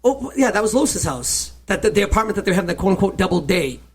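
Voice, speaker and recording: This co-host rants through a casual movie chat with a gravelly texture. The voice swoops widely in pitch and jumps into acted-out character lines while telling the story. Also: fast talker, a crowd in the background. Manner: animated, acts out characters mid-story. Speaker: podcast co-host.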